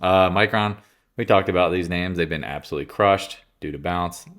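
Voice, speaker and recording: A man's voice: sits low, normal speed, fairly bright tone. A congested man giving casual, rambling market commentary, bluntly and offhandedly, often interrupting himself. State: congested, clearing throat.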